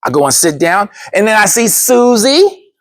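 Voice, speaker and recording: Brief: man narrating his own story, animated, quick to slip into character voices, dry close sound. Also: high voice, no echo. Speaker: speaker telling a personal story. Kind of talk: storytelling speech.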